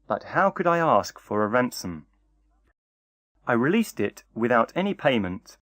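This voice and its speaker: A man's voice: medium pitch, big pitch swings, unhurried, a bit bright, no echo, studio quality. A man voicing a humble, timid old fisherman in a storybook, speaking meekly and politely. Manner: meek and polite.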